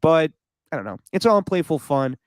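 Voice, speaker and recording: Very animated and talking a little fast, this podcast co-host has a fairly high voice, recorded with no echo. He gives his opinions on sports casually, laughs a lot, and throws in mock impressions.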